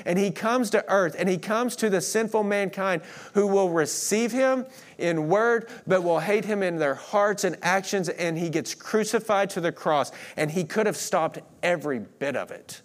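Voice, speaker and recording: Earnest preacher man, slightly high voice. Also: moderate pace, few pauses. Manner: earnest, swings between emphatic and hushed. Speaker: pastor. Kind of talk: sermon.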